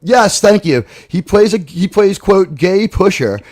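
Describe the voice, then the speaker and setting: A man with a slightly higher voice talks loosely in a casual podcast chat, circling back and restarting as he hunts for names. His voice sounds close and dry, with no room around it. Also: animated, a little slow, darkish tone, dry recording. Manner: rambling, restarts, searches for names. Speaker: podcast panelist.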